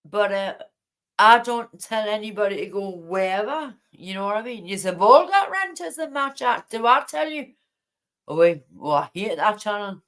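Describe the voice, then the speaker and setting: A woman's voice: medium pitch, animated, normal speed, a bit bright. A woman hosting a late-night livestream from home, rambling and indignant as she chats to her viewers and greets them by name. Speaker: livestream host. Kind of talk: casual livestream chat to viewers.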